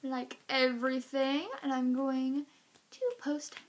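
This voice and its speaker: A woman with a high voice tells a story to her camera in a casual vlog. She is animated and acts out each reaction, scattering "like" through her sentences. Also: slow. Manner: animated, acting out reactions, lots of "like". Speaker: vlogger.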